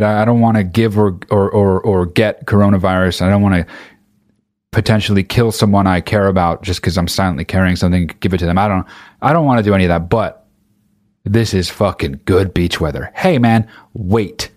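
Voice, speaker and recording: A man's voice: deep voice, a little fast, darkish tone, no room sound, studio quality. A man delivering an exasperated, profane comedic rant, swearing constantly and speeding up as he gets angrier.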